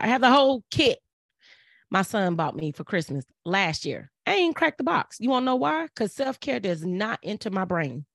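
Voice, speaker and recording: A woman's voice: fairly low pitch, no room sound. Woman, middle-aged, preachy and earnest, repeats herself a lot, dry close sound. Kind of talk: casual motivational talk.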